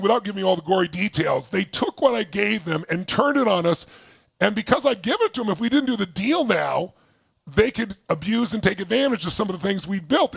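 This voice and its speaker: A middle-aged man telling a story to an audience, acting out his partners' voices and shouting when he quotes anger. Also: sits high, dry recording. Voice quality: gravelly, husky voice. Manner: animated, shouting while acting out angry quotes. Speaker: motivational speaker.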